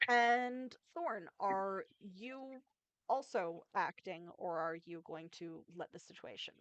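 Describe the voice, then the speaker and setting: A woman narrating a tabletop game as game master, unhurried, with many fillers. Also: mid-range voice, steady tone, fairly bright tone, clear, resonant tone, dry recording, muffled recording.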